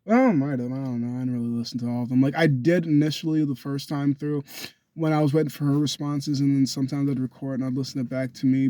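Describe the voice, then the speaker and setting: A man's voice: mid-range voice, darkish tone, dry recording. A young man rambling through a loose, profane self-recorded monologue into a phone. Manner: loose and profane, drifts between thoughts.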